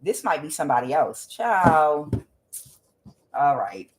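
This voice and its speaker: A woman's voice: sits low, very animated, slow, background noise. A middle-aged woman doing a casual tarot reading, ranting and rambling with many fillers and restarts. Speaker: tarot card reader.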